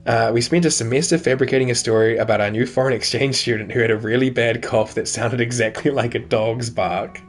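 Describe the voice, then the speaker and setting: A man's voice: medium pitch, fairly even intonation, a little fast, hardly any pauses, lightly acted. A man voicing a goofy, sentimental widowed father talking to his daughter in a dating-sim game, in his everyday voice. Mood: fond. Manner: fond, jokey.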